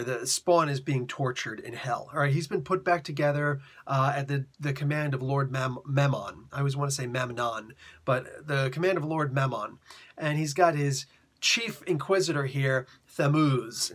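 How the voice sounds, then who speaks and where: A man's voice: medium pitch, a bit bright. A man who reviews comics, retelling a story in chatty, slangy casual talk. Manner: chatty, slangy, laughs often.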